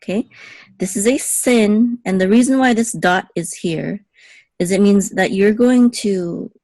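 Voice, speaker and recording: A woman's voice: mid-range voice, unhurried, warm tone, dry recording. A young adult woman giving a patient one-on-one Hebrew lesson, checking in often with "okay". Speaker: Hebrew teacher.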